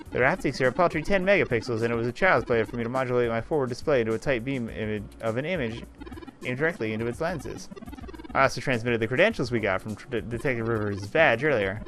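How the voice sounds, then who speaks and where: A man's voice: mid-range voice, expressive, quick pace, music in the background, natural voice. A man voicing a polite, anxious robot assistant from a game, speaking formally and fretting. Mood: earnest. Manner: formal, wordy, prone to emotional outbursts. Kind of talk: reading game dialogue aloud.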